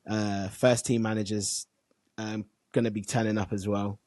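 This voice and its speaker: A man's voice: lowish voice, little pitch movement, moderate pace, a little mellow, dry recording. Laid-back sweary man, dry sound. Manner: laid-back, sweary, with short backchannel replies. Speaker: podcast co-host. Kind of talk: casual storytelling chat.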